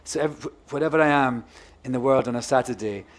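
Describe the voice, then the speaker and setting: A man's voice: mid-range voice, fairly quick. A man guest author talking at a live book festival, rambling and restarting, then turning into a playful showman. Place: festival stage before a live audience. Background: audience crowd.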